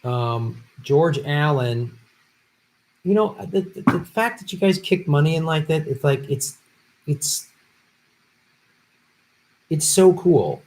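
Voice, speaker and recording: A man with a fairly high voice hosts a political livestream. He reads out viewer donations and rants with constant swearing, swinging between low muttering and loud, fired-up shouting. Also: lively intonation, slow pace, long pauses. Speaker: political commentary host.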